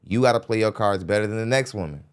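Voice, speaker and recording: A man with a very low, smooth and resonant voice talks into a studio microphone. He hosts a podcast and comments in a blunt, lecturing way. His tone is casual. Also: fast. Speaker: podcast host reacting to a clip.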